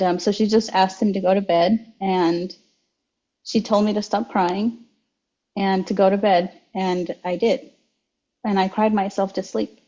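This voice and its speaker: A young adult woman shares her life story as an interview guest, moving slowly and reflectively and often restarting her sentences. Her voice is mellow and stays fairly level in pitch. The recording sounds slightly dull and lo-fi. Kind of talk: personal testimony in an interview.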